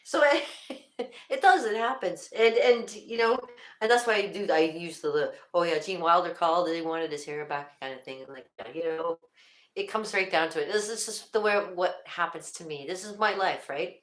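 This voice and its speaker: In a medium-pitched voice at normal speed, an older woman runs a casual livestream, talking to her viewers. Her chat rambles, is full of laughter and has lots of restarts, all recorded in a room with echo.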